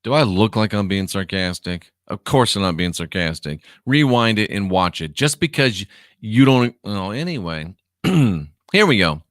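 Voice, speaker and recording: A former minister hosts an online livestream, reading viewer comments aloud with a sarcastic drawl. His voice is lowish, expressive, and at a normal speed, captured with clean studio sound and no echo.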